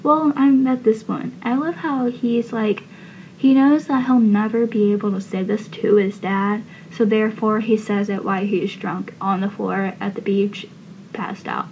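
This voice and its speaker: A woman's voice: medium pitch, steady tone, measured pace, warm tone. A woman recapping a TV scene in a casual, emotional way, rambling with many fillers, in a dull, lo-fi recording with faint hiss. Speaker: TV show fan vlogger.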